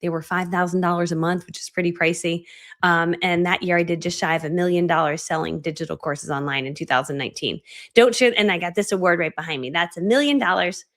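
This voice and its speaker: A woman's voice: lowish voice, fast talker, a bit bright. A woman in her forties presenting a motivational training talk as an online course coach, chatty and self-deprecating, acting out her own past reactions. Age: 40s. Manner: self-deprecating, chatty, many fillers like "right?".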